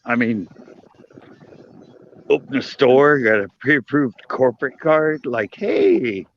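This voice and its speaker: A man's voice: mid-range voice, sing-song, slow. A man joining a live panel by phone, chatting in a laid-back way while he walks outdoors at night. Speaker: panel guest. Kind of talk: casual chat. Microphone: phone held while walking. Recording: muffled lo-fi phone audio.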